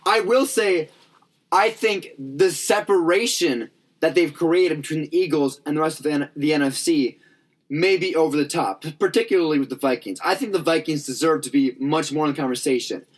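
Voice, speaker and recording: A man's voice: fairly high pitch, moderate pace. A man co-hosting a sports podcast, arguing his side in an easygoing, teasing way. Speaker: podcast co-host. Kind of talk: casual sports debate.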